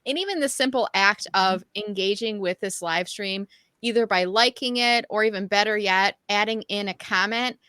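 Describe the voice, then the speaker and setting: Upbeat woman career coach on a video call, bright and dry, cheerleading the listeners. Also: mid-range voice, normal speed, clean tone, dry recording. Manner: upbeat, encouraging, leads call-and-response. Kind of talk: motivational livestream talk.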